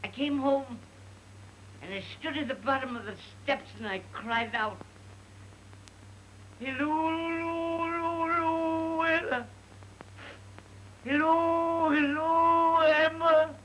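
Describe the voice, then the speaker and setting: A man playing a rambling, sentimental comic storyteller in a 1930 film comedy sketch, halting and mock-tearful. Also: very high voice, pushed and bright, slight background noise, rough recording.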